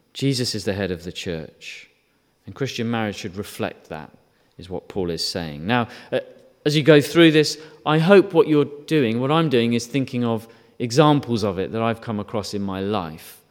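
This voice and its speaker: A man's voice: on the low side, moderate pace. A man preaching a sermon in a conversational way, asking rhetorical questions and briefly acting out quotes. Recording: long reverb.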